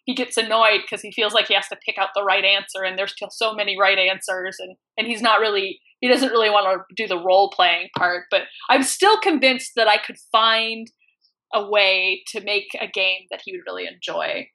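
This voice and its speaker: A woman in her thirties telling funny stories in casual chat, animated and quick to act out quotes in voices. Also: mid-range voice. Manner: animated, acts out quotes in voices, laughs often. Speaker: podcast guest. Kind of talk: casual storytelling.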